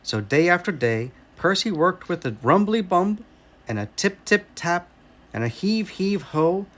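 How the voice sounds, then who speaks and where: A man with an American accent reading a children's story aloud in a slow, expressive way. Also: high voice.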